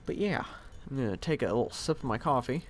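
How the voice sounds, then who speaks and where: A man's voice: mid-range voice, animated, quick pace, a little hiss or hum. A man streaming a game live from home on a headset mic, thinking aloud in a rambling, self-deprecating way. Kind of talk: casual live-stream commentary.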